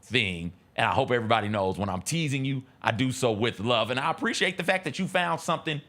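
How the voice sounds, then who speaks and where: A man's voice: mid-range voice, expressive, fast, fairly bright tone. A man co-hosting a sports talk show, chatting in a teasing, playful way with rambling restarts. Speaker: sports radio co-host. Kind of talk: casual studio chat.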